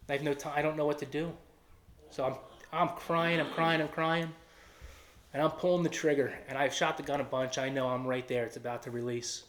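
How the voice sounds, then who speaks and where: A man's voice: a little high, fairly even intonation, brisk, fairly bright tone. A man with a Philadelphia-area accent giving an earnest personal testimony and acting out quoted dialogue. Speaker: testimony speaker.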